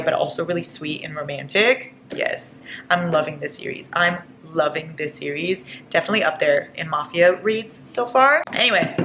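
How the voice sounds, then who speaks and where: A young woman in her twenties, gushing and excitable as she chats casually about books in a reading vlog. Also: fairly low pitch. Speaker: book vlogger. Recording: echoey room with faint noise.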